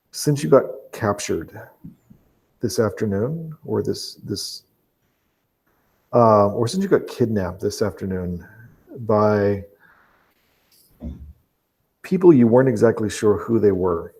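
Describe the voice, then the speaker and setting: A man with a low, mellow voice narrates a tabletop game as game master. He talks haltingly, stopping to restart his sentences and filling gaps with ums. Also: lively intonation, husky. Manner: halting, with many fillers and restarts.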